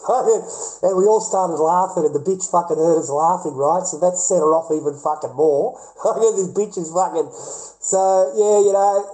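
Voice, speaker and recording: A man's voice: high voice, normal speed, hardly any pauses, warm tone, low-quality recording. A middle-aged man with an Australian accent, telling a rambling, repetitive, profane story to camera. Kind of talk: casual rant to camera.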